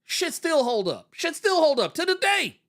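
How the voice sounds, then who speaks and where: A young man hosting a podcast, chatting in an excitable, slangy way and often restarting his sentences. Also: extremely high pitch, moderate pace. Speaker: podcast host. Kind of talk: casual pop-culture chat.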